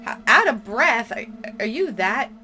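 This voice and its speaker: A woman's voice: fairly high pitch, big pitch swings, measured pace, sharp tone, faint music behind. A woman playing a horror game, reading its text aloud and breaking off for startled, chatty asides. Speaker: game streamer.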